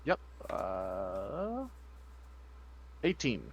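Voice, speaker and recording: A man playing a tabletop game, giving brief, unhurried replies. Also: low-pitched, huge pitch swings, breathy edge. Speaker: player. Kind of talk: casual tabletop game chat.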